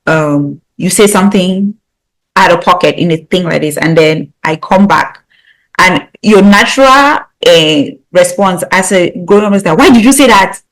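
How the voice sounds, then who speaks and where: A woman from Africa in a casual podcast discussion, animated and breaking into high laughing bursts while telling a story. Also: a little slow, low-quality recording.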